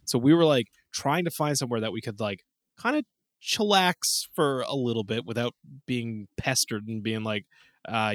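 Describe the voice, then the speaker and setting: Animated, casual-talking man. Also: mid-range voice, normal speed, no room sound, studio quality. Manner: animated storytelling, swears casually. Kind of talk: casual chat.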